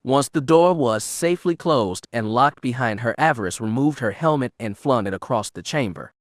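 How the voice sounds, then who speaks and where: A man narrating an unabridged audiobook in a steady, measured storytelling manner. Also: mid-range voice, dry recording, studio quality.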